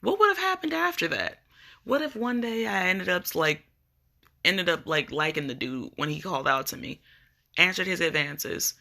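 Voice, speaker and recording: A woman's voice: lowish voice, animated, moderate pace, vocal fry, sharp tone. A woman vlogger ranting casually on a live video, blunt and profane as she tells her story.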